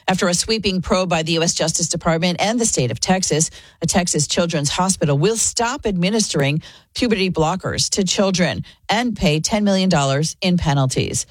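A woman anchoring a radio newscast, reading headlines in a steady scripted delivery. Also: fairly low pitch, a little fast, no room sound. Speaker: news anchor.

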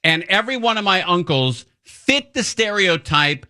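A radio host with a bright, forward voice that cuts through the room. This man ribs his guest in easy, chummy banter during a casual on-air chat. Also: high voice, big pitch swings, moderate pace, smooth.

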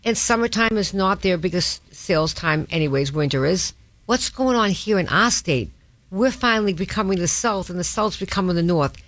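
A woman's voice: fairly low pitch, lively intonation, moderate pace, a bit bright, dry recording. A woman with a Boston North Shore accent hosting a talk radio show, blunt and emphatic in casual chat. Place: radio studio.

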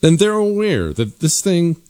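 A man hosting a political commentary show, talking forcefully and sarcastically with emphatic repetition. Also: fairly high pitch, sing-song, measured pace.

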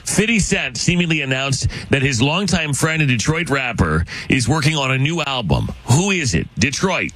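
A man's voice: mid-range voice, sing-song, moderate pace, hardly any pauses, a bit bright. A man hosting a morning radio quiz, joking and encouraging the caller. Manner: jokey, encouraging, laughs a lot. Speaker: radio show host.

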